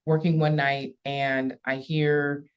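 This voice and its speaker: A woman's voice: sits low, little pitch movement, slow pace, smooth. A woman police chief telling a story in a podcast interview, earnest and emphatic, repeating key words for weight. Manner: earnest, repetitive emphasis, gets emotional. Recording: slightly dull lo-fi audio.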